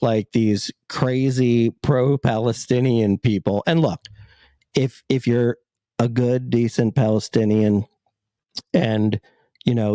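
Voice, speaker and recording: A man's voice: mid-range voice, dark tone, no echo. A man with a Pittsburgh accent argues heatedly in a mid-range voice, circling back on himself with "like" and "you know". He is recorded dry and close, with no room sound. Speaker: podcast co-host. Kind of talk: casual opinionated chat.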